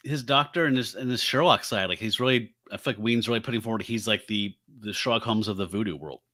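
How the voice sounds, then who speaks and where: A man co-hosting a podcast, casually recapping a comic and acting out its dialogue in a relaxed way. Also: lowish voice, fast, no room sound, studio quality. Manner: relaxed, recaps and acts out quotes with laughs. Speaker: podcast co-host. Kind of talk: casual comic book discussion.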